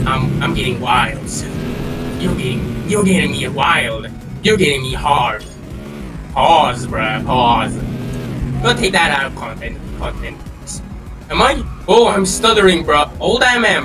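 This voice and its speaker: An excitable young man talks his way through a game, trash-talking and swearing as his voice jumps all over the place. He sits a bit back from the mic, and loud game music plays behind him. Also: fairly high pitch, recorded from a distance. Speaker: gaming channel host. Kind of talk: casual gameplay commentary.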